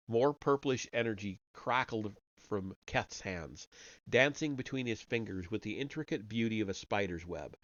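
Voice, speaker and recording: On a dull, lo-fi home microphone with no room sound, a man with a fairly low voice reads a story for his live stream at an unhurried pace. He only lightly voices the characters, and now and then he trips over words and starts again.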